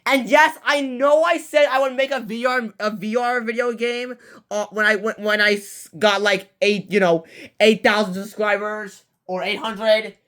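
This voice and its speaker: A young channel creator in their late teens giving a casual update, rambling in rushed bursts with many restarts and self-corrections. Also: medium pitch, fairly even intonation, fairly bright tone. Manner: breathless rush, trailing off with fillers. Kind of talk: casual rambling vlog talk.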